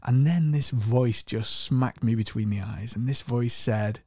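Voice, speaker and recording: A man's voice: mid-range voice, unhurried, few pauses, a little mellow, no echo, clean studio sound. A middle-aged man with a podcast, earnestly telling a personal spiritual story, often restarting his phrases. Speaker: podcast host.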